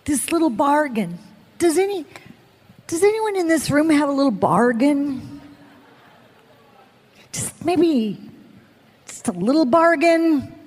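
A woman preacher giving an animated testimony sermon, telling her story with bursts of laughter and screaming. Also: high voice, slow pace, long pauses, in a large hall.

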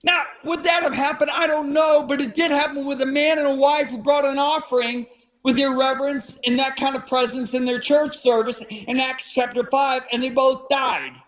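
A man with a very high speaking voice delivers a sermon as a dramatic story. He acts out the people he quotes. His delivery swings from hushed to shouted. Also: steady tone, moderate pace, a little hiss or hum. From Italian-American. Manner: shifts between hushed and shouted. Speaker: preacher.

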